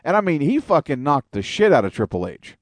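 Man co-hosting a podcast, profane and animated, dry close sound. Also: a little high, a little fast, dry recording. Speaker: podcast co-host. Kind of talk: casual podcast chat.

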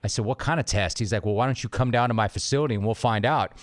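An enthusiastic male podcast host from the San Fernando Valley. He keeps the chat casual and tells self-deprecating stories. His voice sits at an ordinary middle pitch. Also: racing, dry recording, studio quality. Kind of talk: casual interview conversation.

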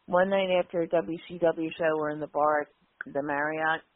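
A woman's voice: low voice, no room sound. A woman casually telling anecdotes and acting out quoted voices. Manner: chatty, acts out quotes with voices. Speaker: guest storyteller. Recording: dry, phone-like line.

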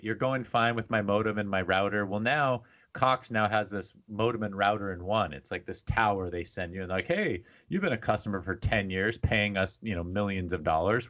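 Heard through lo-fi sound, this man's lowish voice carries his podcast co-hosting banter. He spins animated stories in casual conversation and performs the voices of other characters.

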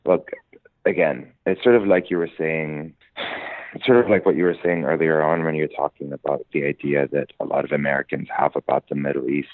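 A man's voice: extremely low pitch, dry recording. A man answering interview questions thoughtfully, with many hesitations and ums. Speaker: interview guest, musician. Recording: dry, phone-like narrow sound.

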